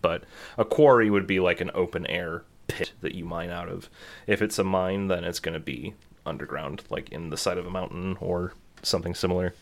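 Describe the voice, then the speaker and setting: A man's voice: sits low, steady tone, a little fast. A man in casual chat, telling a travel story with lots of fillers and restarts.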